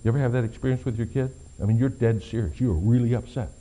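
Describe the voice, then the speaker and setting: A middle-aged pastor preaches a sermon at a fast clip, swinging between quiet, low passages and loud, emphatic ones.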